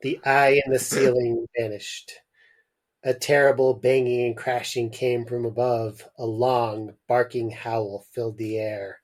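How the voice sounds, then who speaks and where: Slow, dramatic male story reader. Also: mid-range voice, flat delivery. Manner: dramatic reading, breaks into laughter. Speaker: podcast host, story reader. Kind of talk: reading a story aloud on a podcast.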